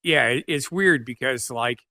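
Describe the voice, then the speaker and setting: A man co-hosting a laid-back podcast chat, his voice bright and clear. He speaks at an ordinary pitch and stumbles through his explanations, restarting sentences as he goes. The sound is dry and close. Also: no room sound. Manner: halting, restarts often while explaining. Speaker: podcast co-host. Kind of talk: casual chat.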